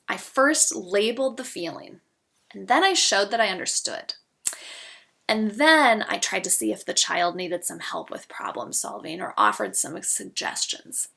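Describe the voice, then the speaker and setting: A bright, clear-toned middle-aged woman explains parenting skills in a gentle instructional talk. She keeps the pitch in an ordinary middle range. She often slips into soft spoken examples of what a parent could say. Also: expressive, normal speed. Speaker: parenting educator.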